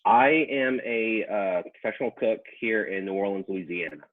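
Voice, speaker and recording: A man's voice: on the low side, normal speed, phone-quality sound. A man who works as a professional cook, a podcast guest chatting casually and hesitantly, often restarting his sentences. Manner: hesitant, full of restarts, laughs easily. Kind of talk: casual chat.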